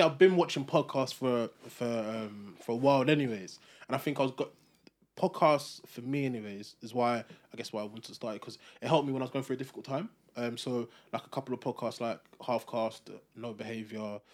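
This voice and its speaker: A young man, co-hosting a podcast and musing in a relaxed, rambling way. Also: mid-range voice, brisk. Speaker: podcast co-host. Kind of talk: casual chat.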